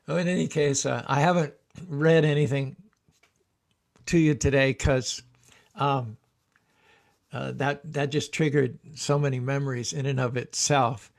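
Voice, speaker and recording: A man's voice: mid-range voice, fairly even intonation, a little slow, creaky, long pauses. A man hosting his own show, telling a story with chuckles and then rapping a song and leading the listeners in a call-and-response chant. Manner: chuckles while recalling, rhythmic chanting when rapping. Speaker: show host.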